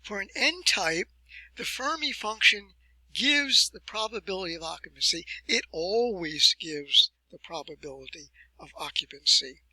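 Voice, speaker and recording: Man, university lecture, husky tone, dry close sound, deliberate emphasis. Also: sits high, lively intonation, sharp tone, dry recording, low-quality recording. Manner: deliberate, emphatic explanations with rhetorical questions.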